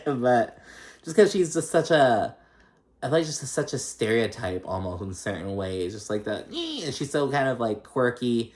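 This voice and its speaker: A young man talks through a reality show recap in a loose, chatty way. He swears freely, laughs often, and jumps into a high mocking voice when quoting people. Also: sing-song, moderate pace, a little mellow. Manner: chatty and profane, laughing often, mimicking cast members in a high voice.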